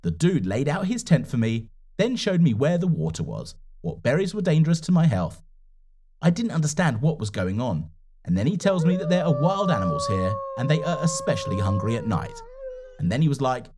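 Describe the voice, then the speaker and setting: A man telling a first-person animated story in an expressive, dramatic scripted narration. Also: fairly high pitch, moderate pace, slight background noise.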